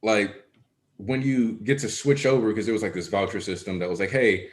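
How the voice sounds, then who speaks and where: A man hosting a casual chat, relaxed and joking as he rambles through a story. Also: fairly low pitch, fairly quick. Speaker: podcast host. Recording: echoey room.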